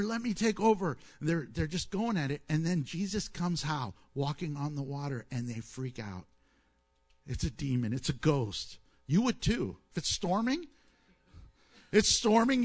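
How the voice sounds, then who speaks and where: A man preaching a sermon, telling stories with questions to the listeners and acting out the quoted voices. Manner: animated storytelling, asks the audience questions and answers them; acts out quoted voices with swings in pitch and loudness.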